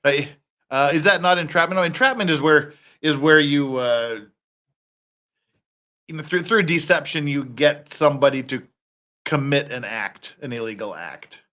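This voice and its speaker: This reaction commentary is hosted by a man who rants heatedly and animatedly, dropping frequent swear words. His voice sits fairly high and his pace is moderate.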